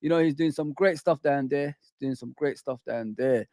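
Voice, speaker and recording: A man hosting a football fan live stream, chatting casually with his viewers and reading out their comments, slangy and repetitive, with frequent shout-outs. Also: mid-range voice, normal speed, no echo, clean studio sound. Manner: repeats phrases and restarts often. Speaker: football fan channel host.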